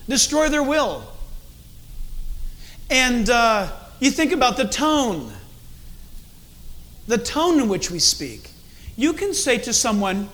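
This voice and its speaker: Lively high-voiced middle-aged male pastor. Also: unhurried, pauses often, slight background noise. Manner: animated preaching, acts out tones of voice. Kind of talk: sermon.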